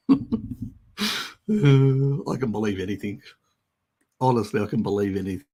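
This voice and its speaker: Gravelly, husky man on a live stream. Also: on the low side, a little slow, warm tone. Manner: sarcastic and mocking, often laughing. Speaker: live stream host answering viewer questions. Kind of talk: casual live-stream chat.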